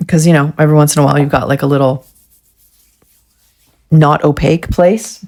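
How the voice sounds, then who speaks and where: A woman's voice: sits low, fairly even intonation, brisk, darkish tone. A woman vlogger chatting casually through a nail art tutorial, getting frustrated and swearing at herself.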